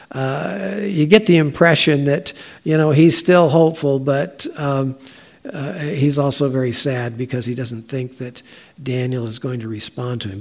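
A man giving a conversational Bible teaching, talking in a halting way with frequent filler sounds. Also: mid-range voice, a little mellow.

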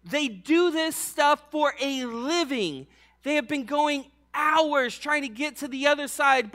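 Male preacher, high bright voice, laid-back slangy delivery with lively storytelling. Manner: slangy and conversational, many "like"s; animated storytelling with acted-out voices. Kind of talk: casual sermon.

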